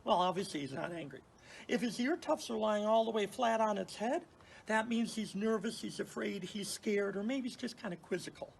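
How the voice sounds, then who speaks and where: A woman raptor educator telling lively stories and mimicking bird calls as she explains owl behavior. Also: mid-range voice, normal speed, creaky, a little hiss or hum, rough recording. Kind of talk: educational storytelling.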